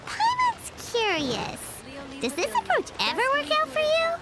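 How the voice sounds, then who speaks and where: Paimon, a squeaky floating sprite. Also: female voice, huge pitch swings, a little slow, very noisy, exaggerated voice. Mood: blunt teasing. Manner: speaks of herself in third person. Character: tiny floating female companion, chirpy and blunt. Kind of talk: video game voice acting. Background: game music.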